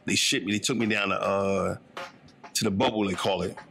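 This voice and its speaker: He's in his fifties and from northern New Jersey, reflecting conversationally on his life story with street slang and frequent "you know what I'm saying" checks. His gravelly, slightly bright voice sits on the low side, fairly quick with fairly even intonation, backed by soft music.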